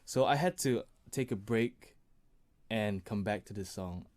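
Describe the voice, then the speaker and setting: A man, a singer-songwriter and producer, chatting casually as an interview guest. He is relaxed, laughs easily and often restarts his sentences. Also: lowish voice, measured pace, dry recording.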